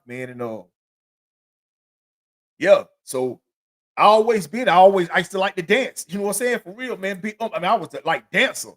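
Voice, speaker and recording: A man's voice: a little high, a bit bright. Rambling, profane middle-aged man. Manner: rambling, profane, constant filler phrases. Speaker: podcast host. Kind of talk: solo storytelling monologue.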